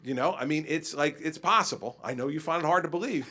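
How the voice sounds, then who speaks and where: A man's voice: on the high side, a little fast. A man serving as governor who answers a conference question by telling stories and acting out his exchanges with people. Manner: animated storytelling, acts out exchanges. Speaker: state governor.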